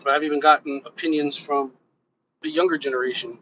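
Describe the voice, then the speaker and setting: Bright-voiced man rambling on a live stream. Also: a little high, steady tone, fairly quick. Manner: loose, rambling, curses casually, talks straight to viewers. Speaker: reaction channel host and rapper. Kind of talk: casual live-stream chat. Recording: dull lo-fi sound with faint background noise.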